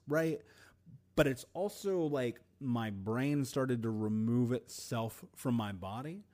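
A man hosting a podcast and telling a personal story in an earnest, emotional way, with deliberate pauses. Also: mid-range voice, a little mellow. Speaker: podcast host.

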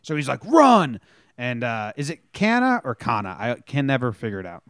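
Male sports podcaster, animated storyteller, dry studio sound. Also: medium pitch, a little fast, smooth, no room sound. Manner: animated storytelling, acts out players' lines. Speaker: podcast co-host. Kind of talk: casual sports chat.

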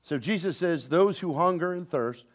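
A man preaching a sermon to a congregation, swinging between soft, slow lines and loud, quick ones and calling on the listeners to respond. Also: on the high side, animated. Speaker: pastor. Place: church sanctuary with congregation, also streamed online.

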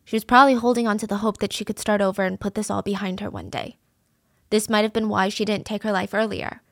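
A woman's voice: medium pitch, fast talker, a bit bright, dry recording, clean studio sound. A woman narrating a true crime case in a casual, conversational way, earnest and openly moved.

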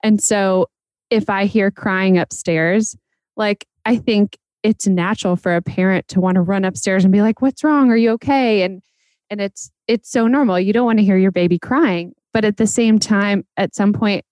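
A woman's voice: mid-range voice, steady tone, normal speed, a little mellow, no room sound. A woman host in casual podcast conversation, reflecting on parenting with many fillers.

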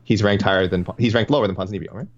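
A man co-hosting a casual podcast about fights, rambling and breaking off into quick asides. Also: on the low side. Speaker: podcast co-host. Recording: dull, lo-fi sound.

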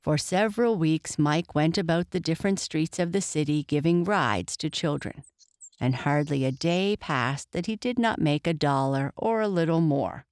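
A woman narrating a children's story in a steady, clear reading voice. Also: deep voice, moderate pace, no echo, studio quality. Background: faint guitar music.

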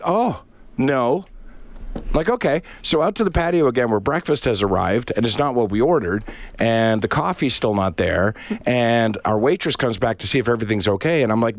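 In casual chat, a middle-aged Canadian man with a medium-pitched voice recounts a lengthy anecdote with no echo on the recording. He brings it to life by performing the voices of the people involved.

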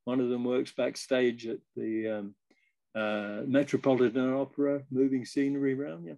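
Older man with a gravelly storytelling voice. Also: medium pitch, moderate pace, highs cut off. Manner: lively anecdotal storyteller, slips into quoted voices. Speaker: guest musician. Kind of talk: casual storytelling.

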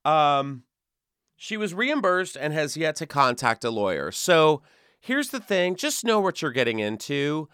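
A young man riffing on a comedy podcast, playful and jokey. His voice sits a little high and sounds smooth and clear. The sound is dry and close, with no room echo. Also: big pitch swings, measured pace, bright, forceful tone. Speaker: podcast co-host.

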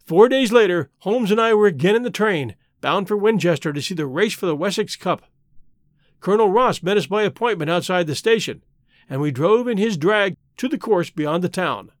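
Man reading a story out loud, lively voice, up high. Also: moderate pace, dry recording, studio quality. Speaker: audiobook narrator. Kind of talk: scripted narration.

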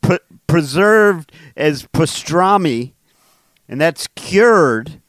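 A man's voice: fairly high pitch, expressive, drawn-out words, dry recording. A man co-hosting a word podcast in casual chat, goofy and laughing at his own puns. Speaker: podcast co-host.

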